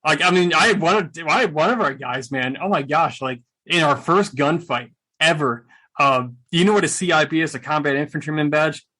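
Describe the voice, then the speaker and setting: A middle-aged man telling war stories with a quick, sarcastic wit. His voice sits a little high and sounds bright and forceful. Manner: animated, joking, sarcastic storyteller. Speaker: guest, combat veteran and speaker. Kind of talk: casual storytelling interview.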